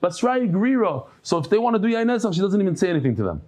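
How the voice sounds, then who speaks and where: Rapid-fire and high-voiced, a Talmud teacher runs his daily class through lively anecdotes. He keeps starting over, drops Yiddish expressions, and tosses in humorous remarks and jokes.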